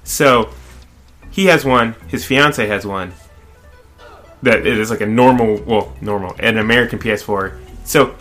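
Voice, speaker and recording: A young man co-hosting a casual gaming chat, full of animated asides. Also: fairly low pitch, measured pace, long pauses, soft background music. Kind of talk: casual chat about video games.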